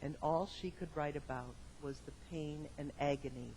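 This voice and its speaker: A male pastor giving a sermon to his congregation in a church, moving from quiet reflection to loud emphatic exclamations and repeating phrases in rhythmic lists. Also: on the high side, moderate pace, slight background noise, poor audio. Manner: addresses the congregation directly with questions. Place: church sanctuary.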